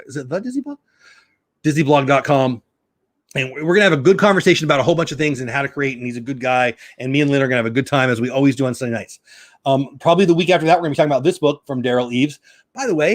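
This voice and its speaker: A man's voice: mid-range voice, dry recording, studio quality. A middle-aged man hosting a casual live stream, chatting and greeting viewers by name. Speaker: YouTube live stream host.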